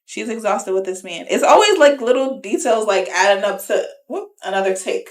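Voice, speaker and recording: A woman's voice: mid-range voice, normal speed, hardly any pauses. Chatty woman co-host recapping a show. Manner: animated retelling with quoted voices and laughs. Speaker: podcast co-host. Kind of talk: casual recap chat.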